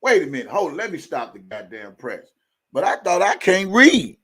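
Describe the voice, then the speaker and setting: A man's voice: on the high side, big pitch swings, moderate pace, fairly bright tone, slightly rough. A man hosting a live stream, ranting heatedly to his viewers in a profane, fired-up way. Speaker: livestream host. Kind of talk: live commentary rant.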